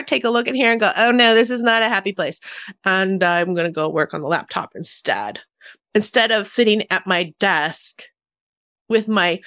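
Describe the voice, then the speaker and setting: A woman hosts her own podcast in a loose, chatty way, laughing often and letting her pitch swoop up and down. Her voice sits a little high, and the sound is dry and close to the mic. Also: fairly bright tone, no echo. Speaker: podcast host. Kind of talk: casual solo podcast.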